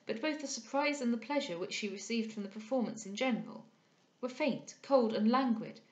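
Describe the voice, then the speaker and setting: A woman reading a classic novel aloud in a steady, careful narration. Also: fairly high pitch, fairly quick, reverberant, muffled recording. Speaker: audiobook reader.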